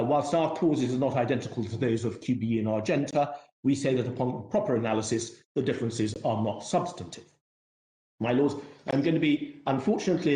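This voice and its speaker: A man in court as a barrister, making formal, measured legal submissions with courteous, self-deprecating asides. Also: mid-range voice, dark tone, roomy sound.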